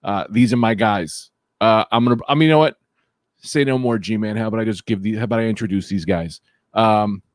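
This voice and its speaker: A man's voice: medium pitch, no echo, studio quality. Hyped, profane male podcast host. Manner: loud, profane and hyped, swinging between shouts and mumbles. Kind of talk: casual podcast chat.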